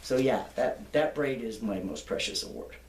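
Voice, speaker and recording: A woman's voice: extremely low pitch, moderate pace, a little mellow, recorded from a distance, a little hiss or hum. An older woman being interviewed, telling long anecdotes in a chatty, laughing way. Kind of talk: reminiscing storytelling. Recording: echoey room, off-mic.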